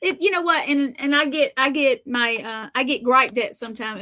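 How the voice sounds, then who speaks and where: Chatty high-voiced woman on a podcast. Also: fairly quick, bright, forceful tone. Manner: chatty, exclaims, trails off mid-sentence. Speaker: guest psychic medium. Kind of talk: casual podcast chat.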